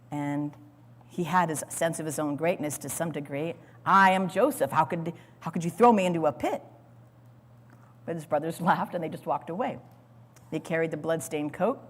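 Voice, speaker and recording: Dramatic woman preacher in a church hall. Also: fairly low pitch. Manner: dramatic storytelling with sudden loud surges and hushed drops; repeats words and restarts while preaching. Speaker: pastor. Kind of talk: sermon. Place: church sanctuary. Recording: long reverb of a church hall.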